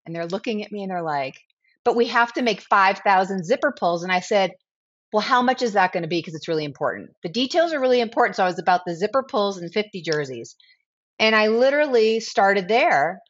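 A woman in her forties, a guest on a podcast, telling her story in a casual, animated way and acting out the dialogue. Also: medium pitch, fast talker, muffled recording. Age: 40s. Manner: animated, acts out quoted dialogue. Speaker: guest, brand founder.

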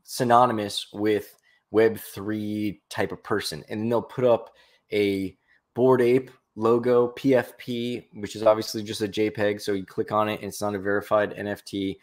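A man's voice: fairly low pitch, flat delivery, normal speed. A man co-hosting a casual podcast chat, rambling and jokey, often correcting himself mid-sentence. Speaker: podcast co-host.

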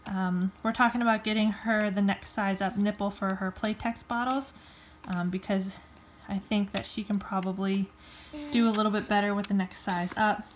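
A woman's voice: mid-range voice, slight background noise. A young woman chatting casually in a family vlog, rambling with many fillers. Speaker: vlogger, new mother.

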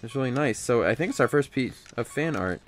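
A young man keeps up easy, joking chatter while someone else plays. His voice sits mid-pitch and he slips into teasing asides. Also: expressive, fairly quick. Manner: joking, playful, breaks into silly voices. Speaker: co-host of a gaming channel. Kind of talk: casual chat over gameplay.

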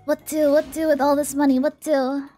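Young female streamer, high-pitched, chatty and excitable live commentary, faint music behind. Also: normal speed. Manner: excitable, chatty, pleading under pressure.

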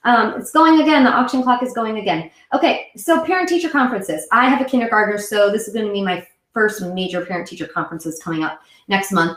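A woman's voice: on the high side, a bit bright. A woman in her thirties hosting a live web show for moms, chatting casually to camera and often wandering off topic. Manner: chatty, rambling, self-correcting. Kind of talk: casual solo chat to camera. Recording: echoey room.

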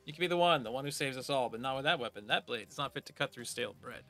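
A man's voice: mid-range voice, very fast, bright, forceful tone, faint music behind. A man voicing a flowery, boastful male weaponsmith in a game, speaking in a formal, theatrical way. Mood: grandiose. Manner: theatrical, formal old-fashioned speech.

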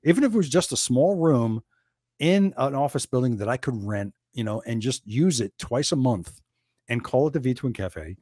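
A man's voice: medium pitch, normal speed, breathy edge, no echo. A man from New Jersey, a guest on a podcast, telling stories in a casual chat and acting out the quotes. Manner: animated storyteller, acts out quotes.

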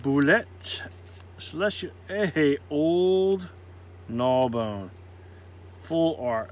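A man's voice: a little high, expressive, slow pace, long pauses, slight background noise. A man opening trading card packs, calling out each card's name in casual commentary with joking, self-deprecating asides. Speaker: card pack opener.

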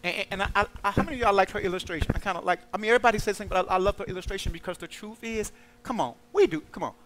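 A man preaching to a congregation in a lively call-and-response style, acting out quoted voices as he goes. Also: high voice, very fast, noisy background. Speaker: pastor.

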